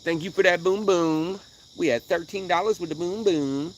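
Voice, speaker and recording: A man's voice: a little high, normal speed, slight background noise. A man hosting a live fishing stream from a riverbank at night, chatting with viewers in laid-back, slangy banter and laughing often. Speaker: livestream host. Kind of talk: casual live-stream chat.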